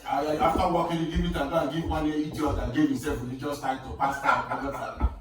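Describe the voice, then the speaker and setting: A man's voice: on the high side, little pitch movement, quick pace, crowd noise. A man in casual podcast banter, joking and teasing, slipping into pidgin. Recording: echoey room, distant mic, noise.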